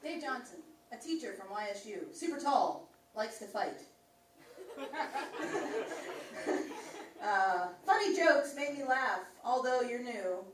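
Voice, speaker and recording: A woman's voice: a little high, very animated, takes it slowly, long pauses, echoey room, recorded from a distance, slight background noise. A woman performing a crude, teasing rhymed roast poem at a comedy club, often laughing between lines.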